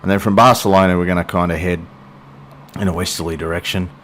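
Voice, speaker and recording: A man's voice: low voice, steady tone, quick pace, a bit bright, slight background noise. A middle-aged man hosting a flight sim video, chatty and self-deprecating, joking with a silent co-pilot as he flies. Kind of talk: casual gameplay commentary.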